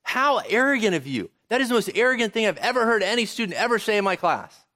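A scornful middle-aged female professor, as a male preacher puts her on, her voice pitched up and pushed louder. She sounds sharp and accusing, snapping her questions across a classroom. The delivery is lively and rising. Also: fast, full character voice.

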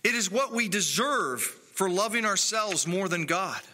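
A man preaching a sermon in an earnest, measured way with emphatic pauses. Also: high-pitched, expressive, bright, forceful tone. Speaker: pastor.

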